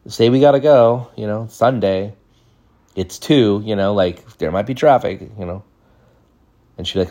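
A young man with a low-pitched voice tells loose, rambling stories about his childhood. He keeps breaking into high, exaggerated voices to act out what he and others said. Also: brisk, dark tone. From California. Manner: rambling, acts out quotes in high mimicking voices. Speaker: podcast host. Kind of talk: casual storytelling monologue.

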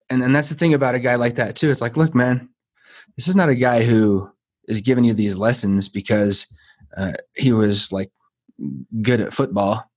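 A man's voice: on the low side, breathy edge. A man hosting a podcast, talking in an earnest, emphatic way and repeating phrases to build his point. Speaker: podcast host. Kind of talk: casual podcast conversation.

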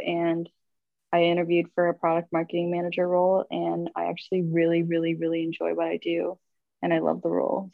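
A woman's voice: lowish voice, gravelly, no room sound. Chatty young woman, muffled call audio. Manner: chatty storytelling, filler-heavy. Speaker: guest. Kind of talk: casual chat. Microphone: phone on video call.

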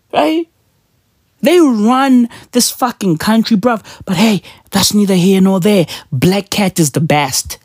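A woman's voice: medium pitch, darkish tone, dry recording, clean studio sound. A woman with a South African accent, ranting casually on a vlog with heavy swearing and slang. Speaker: vlogger. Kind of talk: profane casual rant.

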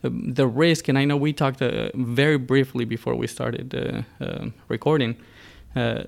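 An American man talking through religious ideas in a relaxed podcast-style chat. He stumbles through fillers and restarts, then presses his points with earnest emphasis. His voice has a gravelly, creaky edge at a middling pitch. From United States. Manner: halting, many fillers and restarts. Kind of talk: casual religious discussion.

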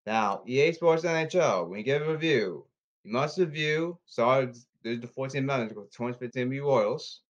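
A man podcasting alone in a repetitive, halting, pleading monologue. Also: medium pitch, expressive. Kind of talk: rambling solo monologue. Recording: slightly dull lo-fi audio.

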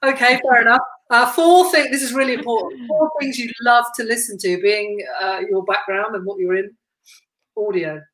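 A woman hosting a podcast, chatting casually and upbeat, quick to laugh. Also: a little high, fairly even intonation, a bit bright, rough recording. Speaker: podcast host. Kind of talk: casual interview chat.

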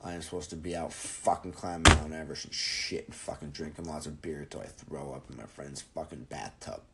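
A man in his twenties with a rumbling, gravelly low voice talks fairly quickly with fairly even intonation over a noisy background. Hosting his own podcast, he rambles through a jokey, profane monologue.

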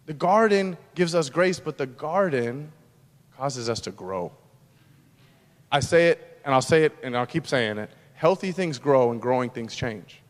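A man pastor preaching a sermon, moving between loud, emphatic lines and hushed, quiet ones. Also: mid-range voice, lively intonation, measured pace, in a large hall.

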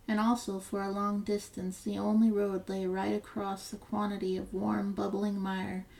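A woman narrating a fairy tale as a storyteller, in a steady, measured reading. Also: mid-range voice, gravelly, rough recording.

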